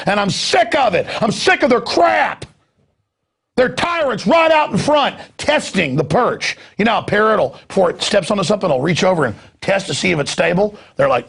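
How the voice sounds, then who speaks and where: A male talk show host delivering an angry, rapid, mocking rant with shouted bursts. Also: high-pitched, animated, gravelly, breathy edge. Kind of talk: ranting commentary.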